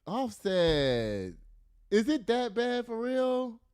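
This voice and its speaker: A man hosting a casual celebrity gossip show, reading news aloud with animated, profane commentary and frequent laughter. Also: very high-pitched, extremely slow, clear, resonant tone. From the Bronx. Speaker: podcast host.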